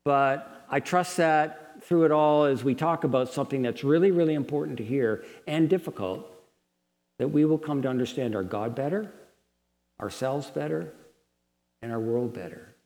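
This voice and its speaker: A man's voice: mid-range voice, moderate pace, a little mellow, in a large hall. A man preaching a sermon at a Bible college in an earnest, lecturing tone that rises into passionate pleading.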